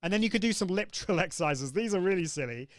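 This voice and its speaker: A man's voice: high voice, expressive, fast talker, dry recording, clean studio sound. A man hosting a live online coaching session, upbeat and demonstrative, acting out vocal exercises as he explains them. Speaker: host.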